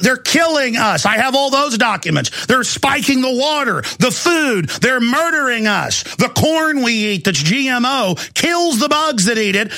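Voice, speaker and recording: A man delivers an urgent talk radio monologue in a high, gravelly voice. He talks with tense force and stumbles into restarts and repeated words. The recording is close and dry. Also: bright, forceful tone, no room sound. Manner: ranting, urgent, with stammered restarts and repetition.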